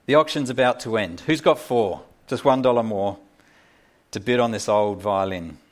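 A man voicing a brash male auctioneer who calls out bids in a loud, rapid sing-song. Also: lowish voice, natural voice. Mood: rousing.

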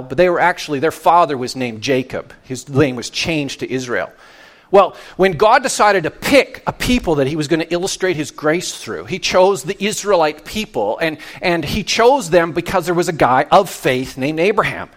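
A man from Canada, a pastor giving a conversational sermon, often restarting his phrases as he explains. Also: fairly bright tone. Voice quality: deep voice.

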